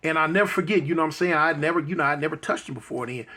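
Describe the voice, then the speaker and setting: A middle-aged man telling a personal story in a halting, moved way, repeating words and leaning on fillers. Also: fairly high pitch. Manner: soft-spoken and moved. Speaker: guest telling his life story.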